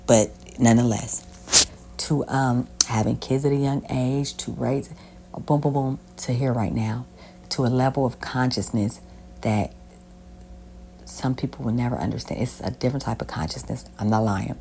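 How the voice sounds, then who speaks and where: A woman's voice: rumbling low, fairly even intonation, moderate pace, gravelly, warm tone, slight background noise. A young adult woman vlogging candidly about her own life, rambling and swearing freely as she tells her story. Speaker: self-help vlogger. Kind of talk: casual personal storytelling. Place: Southern United States.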